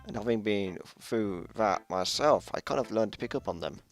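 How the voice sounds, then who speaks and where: A man reading a visual novel aloud, voicing a shy, bookish teenage girl in a measured, explanatory way. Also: fairly low pitch, soft background music, lightly acted. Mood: thoughtful. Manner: measured, explanatory, slips into an odd accent. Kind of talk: reading video game dialogue aloud.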